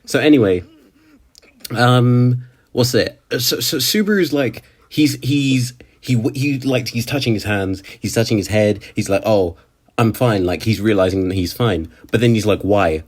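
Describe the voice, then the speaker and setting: A man's voice: mid-range voice, normal speed. A young man casually recapping an anime episode, joking and talking back to the characters as he goes. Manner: animated, jokey, talks back to the characters.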